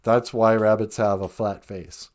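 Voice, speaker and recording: A man's voice: fairly low pitch, little pitch movement, unhurried, a little mellow. A man retelling a traditional tale on a podcast in a casual, chatty way, with joking asides. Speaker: podcast storyteller. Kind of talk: casual storytelling.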